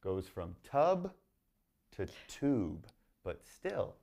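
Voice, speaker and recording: A man teaching English pronunciation in a recorded lesson, talking in a very chill, monotone way. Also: on the low side, drawn-out words, gravelly, a crowd in the background.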